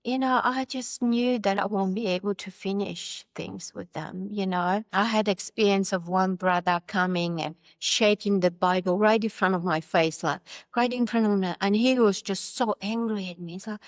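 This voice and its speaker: A woman's voice: mid-range voice, fairly even intonation, normal speed, no echo. A woman whose first language is Polish tells her own story in an interview, wry and candid. She plays the voices of the people she quotes and laughs freely. Her voice sits in a middle range and the recording is close and dry. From Poland. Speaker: interview guest.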